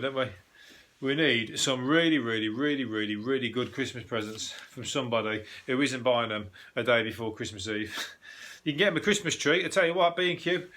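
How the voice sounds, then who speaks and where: A man's voice: medium pitch, sharp tone. A man hosting a casual solo show, riffing on the news in a sweary, jokey, rambling way. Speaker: podcast host.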